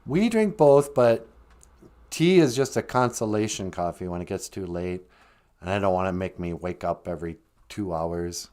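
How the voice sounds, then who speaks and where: A man's voice: lowish voice, animated, normal speed, darkish tone. A man chatting on his own live show, telling stories in a loose, rambling way. He jokes and laughs easily. His voice rises and falls widely as he talks. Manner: rambling, jokey, laughs often. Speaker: livestream show host. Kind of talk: casual storytelling chat.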